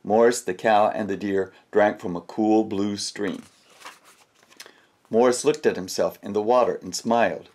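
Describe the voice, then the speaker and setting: A man reading picture books aloud to children in a gentle, expressive storybook manner. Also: lowish voice, measured pace.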